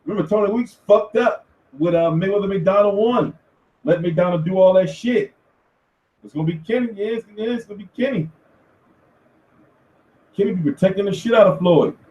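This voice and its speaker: A man hosting a casual commentary show, talking in an animated, profane rant. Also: high voice, moderate pace, long pauses, muffled recording. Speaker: host. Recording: echoey room, far from mic.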